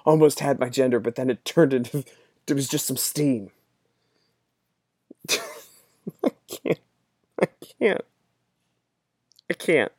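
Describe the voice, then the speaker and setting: A man's voice: mid-range voice, expressive, slow pace, long pauses, darkish tone, husky, dry recording, clean studio sound. A man delivering a rambling, sarcastic political opinion monologue, laughing often as he mocks. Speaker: political commentator.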